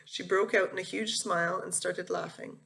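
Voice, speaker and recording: Woman teacher reading a memoir aloud, earnest, unhurried, some vocal fry. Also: on the low side, fairly even intonation, a bit bright.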